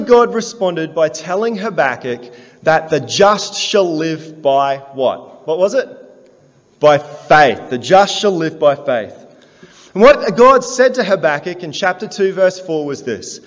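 A man's voice: a little high, big pitch swings, slow pace. A man preaching a sermon to his congregation, asking them earnest questions and building in force as he goes. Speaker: pastor. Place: church hall. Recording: dull, roomy church sound.

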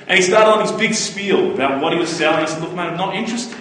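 A man's voice: on the high side, expressive, fast talker, a bit bright. A man preaching a sermon, earnest and full of stories. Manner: earnest, anecdotal, quotes others in brief voices. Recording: echoey hall, voice from far off.

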